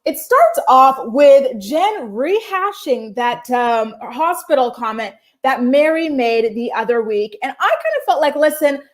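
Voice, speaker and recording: A woman hosting a relaxed video-call chat, her voice sitting high and bright. She talks in an upbeat, chatty way, filling her sentences with likes and ums. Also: unhurried, few pauses. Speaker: host. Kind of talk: casual chat.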